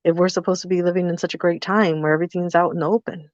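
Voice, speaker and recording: Racing along with little pitch movement, a woman with a lowish voice tells a story on a podcast she co-hosts, acting out both sides of the dialogue in casual chat. The recording is dry, dull and lo-fi.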